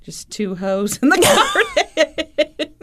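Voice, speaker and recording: A woman co-host who throws in quick jokes and agrees often. Her pitch moves a lot and stays lively. She keeps a relaxed, chatty tone. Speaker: podcast co-host. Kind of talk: casual chat.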